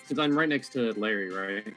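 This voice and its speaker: An easygoing man playing a tabletop game, describing what his character does. His voice is fairly low. Soft music plays underneath. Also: normal speed. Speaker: player. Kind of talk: casual tabletop play.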